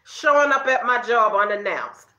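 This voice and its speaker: A middle-aged woman chats to her viewers, calling them girl and y'all and ending her points with okay. Her voice is bright and a little high. It is recorded in an echoey room with a slightly dull sound. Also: animated, moderate pace. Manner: chatty, addresses viewers as girl and y'all, frequent okay tags. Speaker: vlogger talking to her viewers. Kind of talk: casual storytelling chat.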